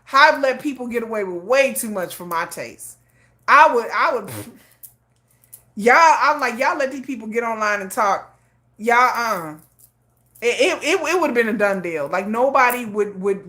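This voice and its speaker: A woman's voice: on the high side, a bit bright. A woman hosting a casual livestream, talking emphatically, often repeating herself and laughing. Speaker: livestream host.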